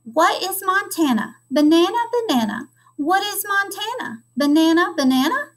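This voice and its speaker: Squeaky sing-song baby swans, as a woman puts them on. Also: sing-song, normal speed. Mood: giddy. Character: chorus of excited young cygnets. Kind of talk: reading a storybook aloud.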